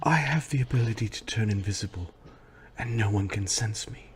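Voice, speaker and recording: A man playing a tabletop game, describing his character's actions in a halting, casual way. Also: on the low side, a little hiss or hum.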